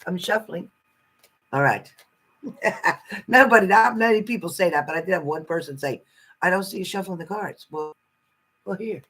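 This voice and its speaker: A woman's voice: fairly low pitch, normal speed, long pauses, a bit bright, slightly rough, low-quality recording. A woman giving a casual live-stream tarot card reading, chatty and salty, greeting viewers fondly and swearing freely.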